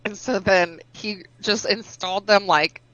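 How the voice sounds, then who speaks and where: A woman telling animated stories in casual chat with friends, swearing and laughing as she goes. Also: mid-range voice, a little slow, no room sound, muffled recording. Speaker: storyteller among friends.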